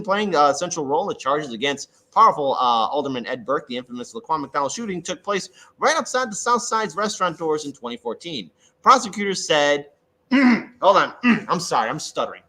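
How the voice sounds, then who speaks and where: A man from Chicago talking through local politics in a casual, halting way, with many fillers and restarts. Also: on the high side, very animated, a bit bright, poor audio. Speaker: guest commentator. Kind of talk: casual political talk over a call.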